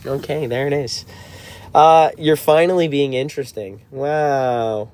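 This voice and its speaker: A man's voice: medium pitch, unhurried, a little mellow, smooth. Chill 20s guy reading chat on a livestream from a car, mid voice. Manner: laid-back, answers viewer comments. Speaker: band member hosting a livestream.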